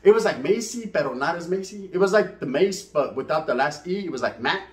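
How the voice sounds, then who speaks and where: Speaking as a channel host, this middle-aged man delivers a laid-back storytelling monologue to camera, streetwise and full of profanity. He sounds animated, slightly high-pitched and a little fast. Spanish slang slips in, along with frequent "right?" and "you know what I mean?"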